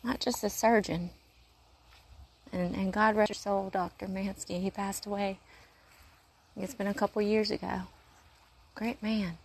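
A woman's voice: medium pitch, steady tone, measured pace, gravelly, pauses often, a little mellow. A woman who works in urgent care, talking in a casual faith-based monologue, earnest and rambling with a preachy streak, pacing as she talks. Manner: paces while talking.

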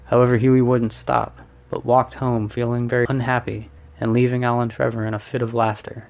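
Even-toned male storyteller. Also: medium pitch, a little fast, vocal fry, few pauses. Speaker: narrator. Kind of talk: storybook narration.

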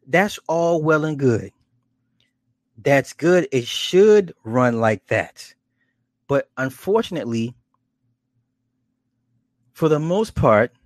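Dude going off on a casual rant, cussing and cracking himself up, pitch jumping all over. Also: male voice, dry recording, clean studio sound. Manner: animated and profane, laughs at his own stories. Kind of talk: casual opinion commentary.

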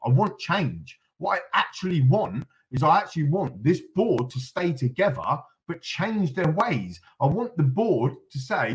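A man's voice: fairly high pitch, big pitch swings, unhurried, hardly any pauses, low-quality recording. Impassioned man ranting about his club. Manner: ranting, emphatic, apologetic asides. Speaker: fan pundit guest. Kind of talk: heated fan podcast rant.

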